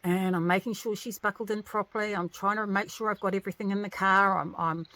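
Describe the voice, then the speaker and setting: Woman vlogger, bright and dry close-mic sound, casual exasperated storytelling, mid-range pitch. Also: fast, no echo. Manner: animated, venting, exasperated retelling. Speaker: vlogger, single working mother.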